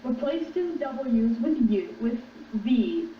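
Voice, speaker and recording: A woman's voice: a little high, lively intonation, takes it slowly, a little hiss or hum. A woman who is a guest on a podcast, chatting casually and dropping in brief, dry remarks. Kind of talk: casual chat. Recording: distant, echoey, lo-fi room sound.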